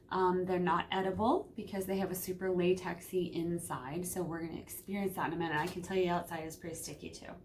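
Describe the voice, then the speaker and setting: A woman talking casually in a home vlog, chatty and hesitant with frequent ums, sometimes dropping to a hush. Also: fairly low pitch, slight background noise. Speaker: vlogger.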